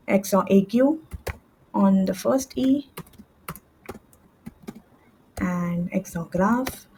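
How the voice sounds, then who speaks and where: A woman tutoring French, explaining verb endings step by step with fillers and quick self-corrections, at a desk with a computer mic. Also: mid-range voice, darkish tone, low-quality recording. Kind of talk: screen-share language lesson.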